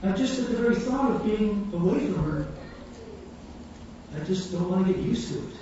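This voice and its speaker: A man preaching a sermon, telling stories with animated quotes and frequent laughter. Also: high voice, normal speed, pauses often, a little hiss or hum. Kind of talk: sermon with storytelling. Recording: echoey distant hall sound, dull.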